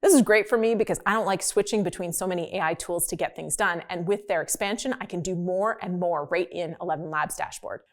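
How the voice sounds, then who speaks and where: A woman's voice: lowish voice, fairly quick, hardly any pauses. A woman hosting an explainer video, talking in a chatty, upbeat and emphatic way. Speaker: host.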